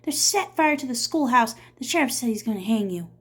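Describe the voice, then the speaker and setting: A woman reading aloud and voicing a young schoolteacher, frightened but defiant, in a high, loud, urgent voice. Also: animated, a little fast, breathy edge. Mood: pleading.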